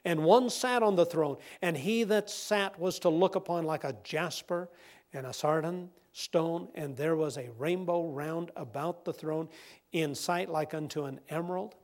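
A man preaching a sermon, who moves from a hushed scripture reading to loud, emphatic preaching and repeats words when worked up. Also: fairly high pitch, a little slow.

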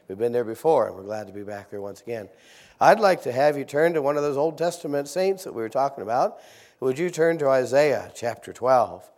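A middle-aged man preaching a sermon, leading his congregation in call-and-response Bible reading and rising from soft-spoken asides to loud, emphatic exhortation. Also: mid-range voice, expressive, brisk. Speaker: visiting preacher. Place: church sanctuary.

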